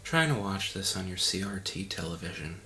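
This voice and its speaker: A man's voice: deep voice, lively intonation, brisk, sharp tone. A man giving a mock audio commentary in a pompous, condescending, rambling way. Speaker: commentary host.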